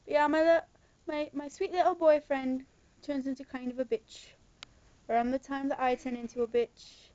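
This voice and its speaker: High-voiced young woman faking a British accent. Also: steady tone, moderate pace, mellow, dry recording, muffled recording. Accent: put-on British. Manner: sarcastic, ranting. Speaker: vlogger. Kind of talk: casual vlog rant. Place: her bedroom.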